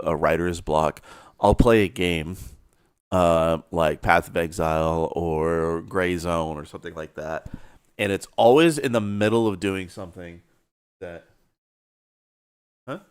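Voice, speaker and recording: Man, deep low voice, unhurried, smooth and clear, halting delivery with pauses. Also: no echo. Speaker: content creator. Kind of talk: dictating scene prompts and casual chat.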